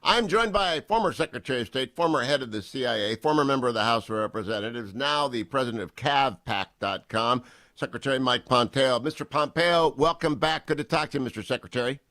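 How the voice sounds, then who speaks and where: Male radio host, talk show interviewing, dry close mic, middle pitch. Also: pushed and bright, no room sound. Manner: brisk, plugs guests and introduces segments. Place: remote broadcast from abroad.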